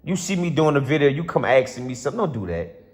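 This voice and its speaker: Talking fast with big swings in pitch, a man in a mid-range voice delivers a casual football rant to camera. The passionate vlogger rambles and says things over again, all drenched in long hall reverb.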